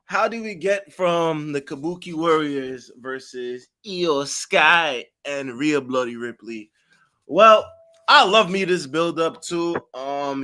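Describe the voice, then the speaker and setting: Bright-voiced excitable male co-host. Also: on the high side, unhurried. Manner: excited, slangy, swears freely. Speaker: podcast co-host. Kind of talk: casual podcast chat.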